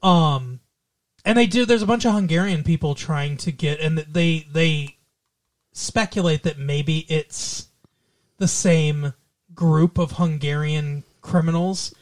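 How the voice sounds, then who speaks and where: A man's voice: a little high, slow pace. A man co-hosting a podcast, chatting casually about a movie, rambling and hedging as he goes. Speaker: podcast co-host. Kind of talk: casual movie review chat.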